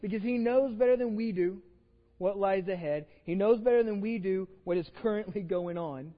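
A man's voice: high voice, normal speed, in a large hall, muffled recording, faint music behind. A pastor with a Texan accent, preaching a conversational sermon, often repeating words as he starts a phrase. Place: church sanctuary.

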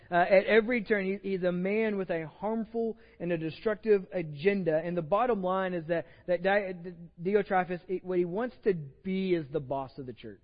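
Texan male pastor, casual stumbling sermon delivery, dull recording in a reverberant sanctuary. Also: high-pitched. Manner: conversational, repeats words and restarts, jokes with the congregation. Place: church sanctuary with long reverb.

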